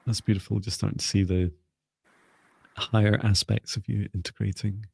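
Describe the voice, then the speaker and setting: A man hosts a live-stream psychic reading session in an easygoing, chatty way. His voice has a gravelly, husky grain and a mellow, dark tone. The sound is dry and close. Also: fairly low pitch, normal speed, no room sound. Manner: relaxed, chatty, light-hearted. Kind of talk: casual live-stream chat.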